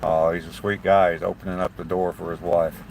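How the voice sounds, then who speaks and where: Deep-voiced older man chatting on a livestream. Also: little pitch movement, fairly quick, vocal fry, darkish tone, a little hiss or hum. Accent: slight southern twang. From southern Ohio. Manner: chatty, rambling, friendly to chat. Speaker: livestream host. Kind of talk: casual live-stream chat with viewers.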